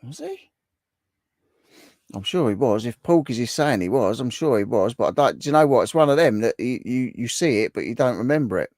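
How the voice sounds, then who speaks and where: A man's voice: medium pitch, animated, quick pace, few pauses, darkish tone, no room sound, studio quality. Chatty man on a livestream. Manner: chatty, repeats himself, banters with viewers. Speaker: livestream host. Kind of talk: casual live-stream chat reading viewer comments.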